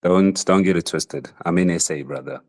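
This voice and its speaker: A man's voice: low-pitched, moderate pace, no room sound. A man calling in to a talk show, arguing in an accusatory, needling way. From South Africa. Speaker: caller. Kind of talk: heated call-in argument.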